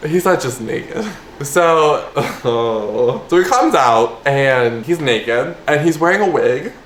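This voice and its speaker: A young man telling a story in an animated, chatty way to his vlog audience. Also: mid-range voice, slow pace. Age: young adult. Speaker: vlogger. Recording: echoey room, faint ambience.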